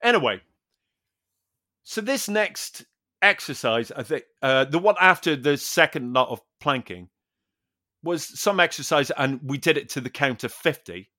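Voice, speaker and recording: A British man hosting a podcast who tells an animated story in a casual way, swearing and acting out dialogue. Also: fairly high pitch, unhurried, no room sound, clean studio sound. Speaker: podcast host.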